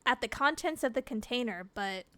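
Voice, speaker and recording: A woman's voice: a little high, animated, moderate pace, sharp tone, dry recording. A woman streamer reading a game's text aloud, laughing and reacting with disgust between lines.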